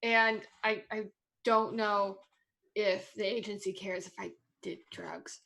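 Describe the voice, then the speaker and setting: A woman's voice: mid-range voice, steady tone, takes it slowly, vocal fry, bright, forceful tone, heavily acted. A woman voicing a nervous young female college sprinter who rambles and says "like" a lot, in a tabletop role-play. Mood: anxious.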